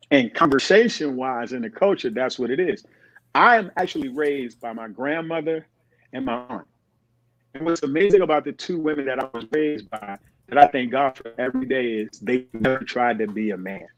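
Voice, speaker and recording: A man's voice: medium pitch, dry recording. A middle-aged man, a podcast guest, telling stories in conversation and acting out the voices of people he quotes. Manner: animated, acts out quoted voices. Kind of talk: storytelling in conversation. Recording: dull, dry recording.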